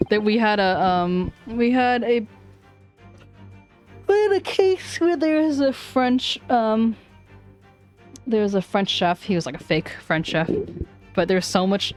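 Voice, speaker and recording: A woman's voice: medium pitch, clean tone. A woman streamer chatting casually in rambling asides to her viewers. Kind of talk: casual chat.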